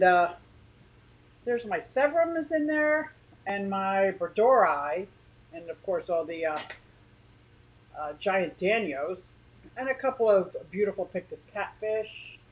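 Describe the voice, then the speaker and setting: A woman's voice: medium pitch, animated, takes it slowly, low-quality recording. A woman hosting a casual livestream from her living room, rambling chattily and greeting viewers by name. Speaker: aquarium channel host.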